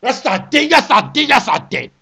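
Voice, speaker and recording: A man delivering an animated comic rant, theatrical and repetitive, breaking into shouts. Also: very high-pitched, normal speed, husky. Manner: theatrical, repeats phrases, shouts in bursts. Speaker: vlogger ranting about a fantasy football trade.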